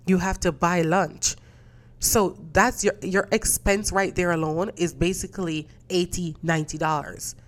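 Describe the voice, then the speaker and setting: A woman talks in a low, deep voice. She rants casually and bluntly on her podcast, exasperated and swearing freely. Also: steady tone, a little slow. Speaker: podcast host. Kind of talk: casual rant.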